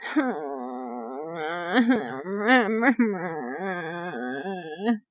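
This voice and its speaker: A woman's voice: on the low side, sing-song, extremely slow, no room sound, lo-fi sound. A young adult woman streamer venting in an exasperated, profane rant. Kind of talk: venting live-stream chat.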